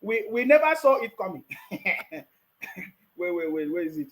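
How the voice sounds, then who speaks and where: Brief: Nigerian male commentator, high voice, mocking tone, laughs a lot, repeats himself. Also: big pitch swings, normal speed, low-quality recording. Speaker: political commentator. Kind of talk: casual commentary.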